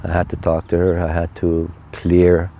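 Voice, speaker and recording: Older man, earnest testimony-style storyteller; very low, monotone, warm timbre. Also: slight background noise. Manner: earnest, heartfelt, unhurried storytelling. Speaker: interview guest. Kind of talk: personal faith testimony.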